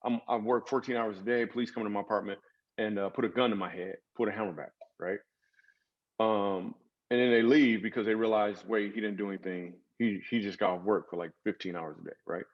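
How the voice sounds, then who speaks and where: Husky-voiced man telling an earnest story. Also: lowish voice, fairly even intonation, fairly quick, muffled recording. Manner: earnest, dramatic storytelling with emphatic swings. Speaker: comedian and author guest. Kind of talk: storytelling interview.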